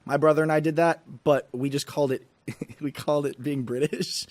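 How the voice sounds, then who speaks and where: A man's voice: a little high, steady tone, fairly quick, dry recording. A man co-hosting a podcast in casual chat, who tells stories animatedly and acts out voices while laughing. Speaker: podcast co-host.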